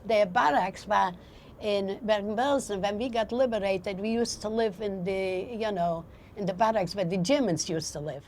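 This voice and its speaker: An older woman recounting memories in a halting way, acting out the voices in her story. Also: mid-range voice, darkish tone, slight background noise. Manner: halting, acts out quoted dialogue. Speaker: interviewee. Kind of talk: personal recollection.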